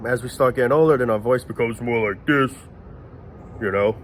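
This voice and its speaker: A man's voice: mid-range voice, normal speed, slight background noise. A man in a casual, rambling monologue, often stopping to search for the right word. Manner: rambling, searches aloud for words. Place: outdoors near planes and traffic.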